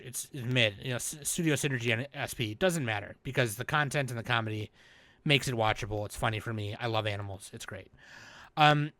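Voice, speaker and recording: A man hosting a podcast, recapping in a rambling, animated, casual way and swearing freely. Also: medium pitch, dry recording. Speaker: podcast host. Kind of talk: casual chat.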